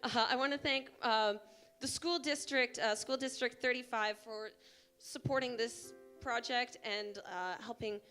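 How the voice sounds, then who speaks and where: A woman speaks from a theatre stage into a handheld microphone. Her voice is bright and pitched a little high. She gushes her thanks to the crowd, repeating her praise again and again. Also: steady tone, a little slow, faint music behind. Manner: effusive and gushing, repeats words like incredible. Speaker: show director and producer. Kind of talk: live onstage thank-you speech. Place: theatre stage before a live audience.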